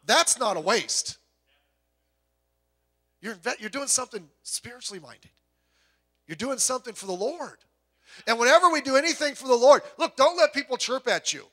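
At a moderate pace with frequent pauses, a pastor gives an animated sermon. He stumbles over restarts, acts out quotes and swings between loud outbursts and soft, low asides.

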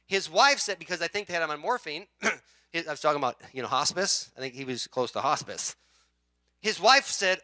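Speaking fast in a fairly high, expressive voice, a male pastor delivers a sermon story, performing characters' voices. He shifts from hushed asides to loud shouting. The recording has no room sound.

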